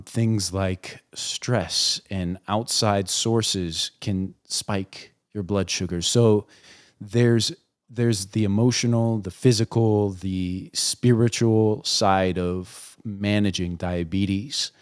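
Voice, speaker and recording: A man's voice: fairly low pitch, no room sound, studio quality. A man hosting a podcast interview, talking in a thoughtful and affirming way. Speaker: podcast host. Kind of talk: casual interview.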